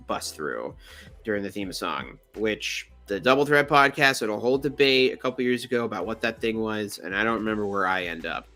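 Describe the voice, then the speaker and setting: At normal speed, with faint music behind him, a young adult channel host riffs on pictures. The commentary is casual, rambling, and jokey, marked by animated pitch changes.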